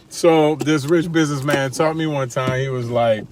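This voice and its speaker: A man's voice: mid-range voice, normal speed, hardly any pauses. Laid-back slangy man, faint background noise. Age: adult with wife and kids. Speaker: vlogger. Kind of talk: casual motivational talk to camera.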